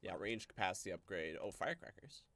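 A man's voice: low voice, sing-song, fast talker, fairly bright tone. A young adult man streaming a game, making rambling, joking commentary. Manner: joking, rambling and self-mocking. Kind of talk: casual gameplay commentary.

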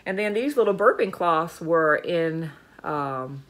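A woman's voice: fairly low pitch, animated, takes it slowly, fairly bright tone. Chatty woman gushing over finds. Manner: chatty, gushing, repeats words for emphasis. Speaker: vlogger showing a dumpster-diving haul. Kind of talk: casual chat to camera. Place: home, indoors.

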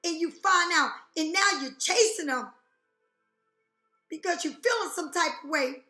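A woman's voice: very high voice, a little slow, bright, forceful tone, soft background music. A woman giving a tarot reading to her viewers, talking bluntly and profanely and firing rhetorical questions. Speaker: tarot reader. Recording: echoey room.

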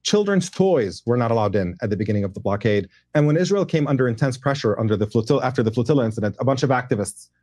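Very fast, insistent arguing man. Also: mid-range voice, lively intonation, darkish tone, no room sound. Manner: insistent, repeats phrases while pressing a point. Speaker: debate guest. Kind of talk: heated debate.

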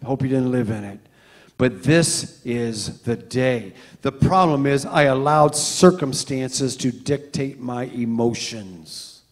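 A middle-aged man preaching a sermon as a pastor, telling stories with animated swings from loud to hushed. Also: medium pitch, slow, big-room sound. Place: church sanctuary.

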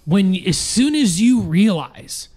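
A man's voice: sits high, sing-song, takes it slowly, a little mellow. A young man co-hosting a podcast in casual chat, exasperated and ranting with plenty of swearing. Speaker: podcast co-host.

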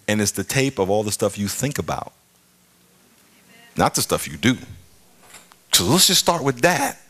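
A middle-aged man preaching a sermon as pastor, telling a story with shouted sound effects and playful, self-mocking humor. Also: fairly low pitch, big pitch swings, a little slow, pauses often, slightly rough. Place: large church.

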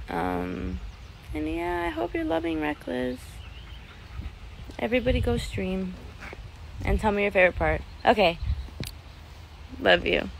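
A woman's voice: fairly high pitch, sing-song, unhurried, gravelly, long pauses, a little hiss or hum, rough recording. A woman singer chatting casually with fans on a phone live stream from home, rambling with lots of "like" fillers and giggles.

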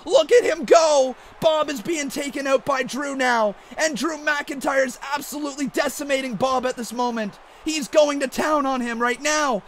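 A man doing mock wrestling play-by-play commentary over a video game, excitable and often shouting. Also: extremely high pitch, moderate pace, hardly any pauses, slight background noise. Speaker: gaming YouTuber.

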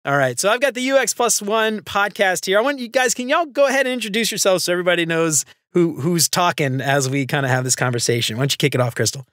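Excitable man hosting, dry sound. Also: high voice, fast, few pauses, dry recording. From Louisiana. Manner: enthusiastic, jokey, says dude and man a lot. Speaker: podcast host. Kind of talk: casual interview chat.

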